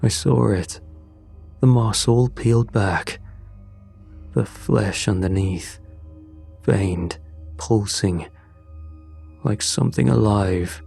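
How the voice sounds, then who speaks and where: A man voicing a dying old farmer father, hoarse and rasping, confessing weakly in a scripted horror story. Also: lowish voice, darkish tone, faint music behind, heavily acted. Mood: grim. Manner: weak, halting confession.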